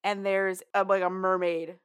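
Woman recapping a story w a friend, casual and sweary, mid pitch, quotes ppl as she goes. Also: little pitch movement, clean tone. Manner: casual, profane, acts out characters in quick quotes. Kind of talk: casual chat retelling a story.

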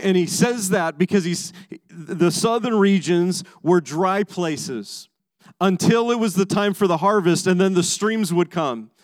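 A man delivers a sermon as pastor with emphasis, alternating raised passages with hushed low ones and frequently repeating words at the start of sentences. The recording has no echo.

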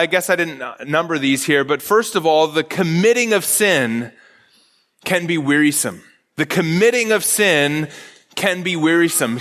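A man's voice: high-pitched, pushed and bright, long reverb tail. A man preaching a sermon as pastor, earnest, often repeating phrases and restarting with stammers.

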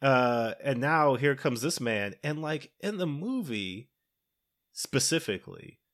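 Man, podcast discussion, middle pitch, rambling, restarts. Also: animated, slow, fairly bright tone. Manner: rambling, restarting thoughts, sporadic laughs. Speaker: podcast co-host or guest. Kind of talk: casual movie discussion.

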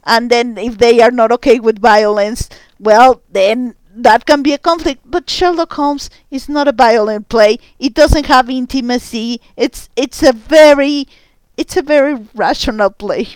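A woman's voice: on the high side, unhurried, no room sound. A woman theater director being interviewed, speaking earnestly and with emphasis. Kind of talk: interview guest.

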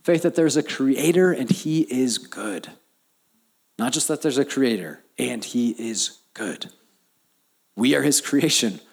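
A man preaching a sermon as pastor, telling personal stories, building to emphatic lines and dropping to quiet, low asides. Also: expressive, slow, creaky, breathy edge. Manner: storytelling, rising to emphatic peaks then dropping soft and low.

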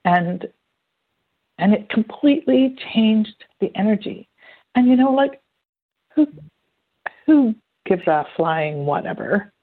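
A woman's voice: mid-range voice, slow, pauses often. A woman talking casually in an interview, telling stories and acting out quotes as she goes. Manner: chatty, animated storytelling with acted-out quotes. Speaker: guest. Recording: phone-like narrow band.

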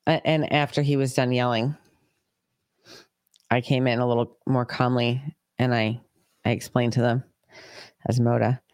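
A woman's voice: extremely low pitch, little pitch movement, a little slow, long pauses, a little mellow, clean tone, clean studio sound. An American woman co-hosting a podcast, chiming in to back up and echo her partner's story. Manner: chimes in, backing up and echoing her co-host. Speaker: podcast co-host. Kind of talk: casual chat.

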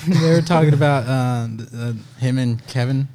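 A man's voice: medium pitch, moderate pace, warm tone, slight background noise. Joking young man chatting. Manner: joking, laughs at his own lines. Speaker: podcast co-host. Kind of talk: casual chat.

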